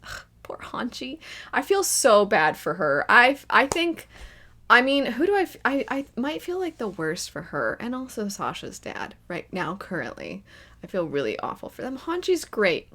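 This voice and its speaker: Animated, bright-voiced woman reacting. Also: on the high side, normal speed. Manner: animated, laughs often, mimics characters in mock voices. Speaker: first-time viewer reacting to an anime. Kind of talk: casual reaction commentary.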